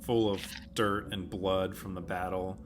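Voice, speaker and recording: Low-voiced male game master. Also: level tone, unhurried. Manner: laid-back, many ums and laughs. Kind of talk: narrating a tabletop game.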